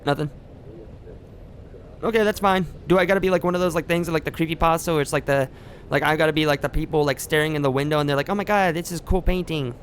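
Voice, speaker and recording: Guy rambling thru a game stream, bit high voice, lots of "like", faint hiss behind. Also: little pitch movement, quick pace. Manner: rambling, filler-heavy joking asides. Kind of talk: casual gameplay commentary.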